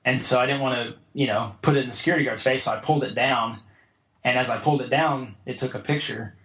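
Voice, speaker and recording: In roomy, slightly dull podcast audio, an American guest who holds a jiu-jitsu black belt speaks fast in a mid-range, fairly bright voice. He tells a story casually, acting out others' lines in a raised voice.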